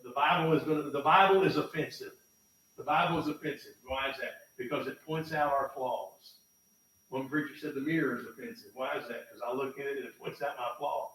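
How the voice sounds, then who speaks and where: A man preaching a sermon in a church, folksy and emphatic, swinging from loud bursts to low, quiet lines. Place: church sanctuary. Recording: echoey church from far off, faint noise.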